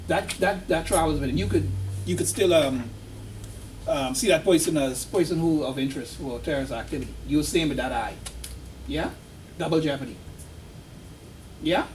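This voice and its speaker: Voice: medium pitch, a little mellow, a little hiss or hum. Instructor recorded from afar. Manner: conversational, storytelling, quizzing the class. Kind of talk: classroom lecture. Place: classroom. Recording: distant classroom recording with faint ambience.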